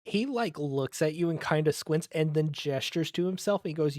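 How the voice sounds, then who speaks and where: Tabletop game master, loose and profane narration, dry sound, mid pitch. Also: moderate pace, a little mellow, no echo. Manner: casual, profane, many fillers and restarts.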